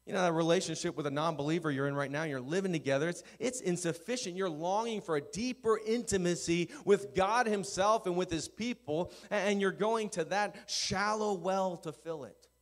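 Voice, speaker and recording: A middle-aged male pastor preaching a sermon, swinging from quiet intensity to loud, animated storytelling. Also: high voice, normal speed, few pauses.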